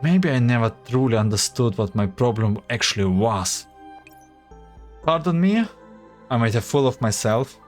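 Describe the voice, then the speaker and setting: A man's voice: medium pitch, lively intonation, normal speed, faint music behind, close to an everyday voice. A man voicing a formal, analytical female android doll who talks in stiff, data-driven phrases. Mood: unsure. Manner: stiff, data-citing, earnest.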